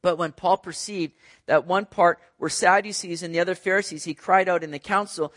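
High-voiced man teaching the Bible. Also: lively intonation, brisk, fairly bright tone. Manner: conversational, explanatory, with fillers.

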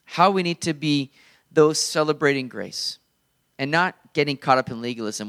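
A man's voice: fairly high pitch, animated, moderate pace, a bit bright. A male pastor preaching a sermon in an earnest, conversational way.

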